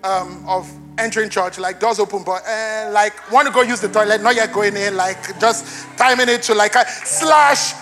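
A high, bright male voice delivers a church sermon, joking easily with the room before building to loud, fervent emphasis. Faint music plays underneath him. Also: moderate pace. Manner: playful, conversational, rising to loud emphatic preaching. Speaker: pastor.

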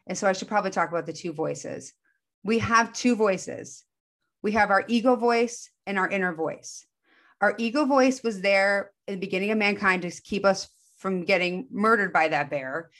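A woman's voice: medium pitch, a bit bright. Earnest woman giving a spiritual self-help talk. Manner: earnest, acts out inner and ego voices with quick shifts.

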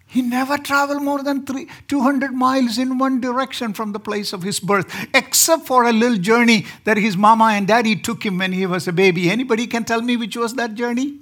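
A man's voice: extremely high pitch, fairly even intonation, fairly quick, few pauses, fairly bright tone. A man from India with an Indian accent, preaching as a guest speaker and joking with the congregation. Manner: joking, asks the congregation questions. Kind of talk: sermon.

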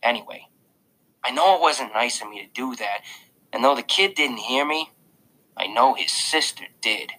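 A man's voice: medium pitch, moderate pace, sharp tone, poor audio. A man reading a first-person audiobook narration in a casual, confiding way.

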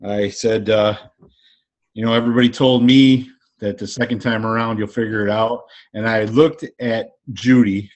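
A man's voice: fairly low pitch, fairly even intonation, normal speed, muffled recording. A middle-aged man in casual banter, wry and profane, telling a self-deprecating story about a wedding speech.

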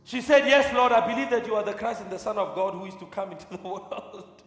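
A man's voice: high voice, brisk, soft background music. A man preaching a fervent sermon, repeating phrases and breaking into tongues. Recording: echoey hall with long reverb.

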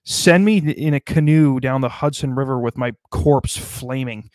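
A man's voice: mid-range voice, a little slow, darkish tone, dry recording, clean studio sound. A man in casual podcast chat, riffing in long, profane, rambling tangents. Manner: profane, rambling comic riffs.

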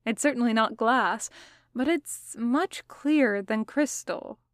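Woman reading a measured, analytical young man; slow and thoughtful, dry recording. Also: fairly high pitch, dry recording.

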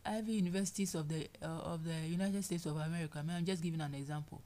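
Animated woman preaching. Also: on the low side, quick pace. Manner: animated, acts out people's complaints in playful voices. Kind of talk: sermon.

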